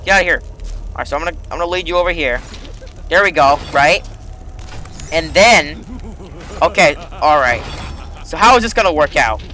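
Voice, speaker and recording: A young man doing let's play commentary, excitable and rambling, yelping and joking as he plays. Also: on the high side, moderate pace, long pauses. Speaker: gaming YouTuber.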